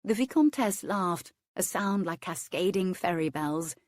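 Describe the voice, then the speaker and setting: A woman narrating a historical romance in a measured, lightly wry manner on a close studio mic. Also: on the low side, animated, no room sound. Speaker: audiobook narrator.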